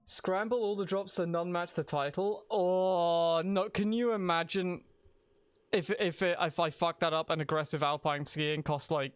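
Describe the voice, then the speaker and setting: A man chats loosely while streaming a game, wandering from thought to thought and circling back over his words. His voice is smooth and clear and sits a little high for a man. The sound is dry and close, with no room around it. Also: steady tone, a little slow, dry recording. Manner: rambling, restarts sentences, thinks aloud. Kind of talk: casual live-stream chat while gaming.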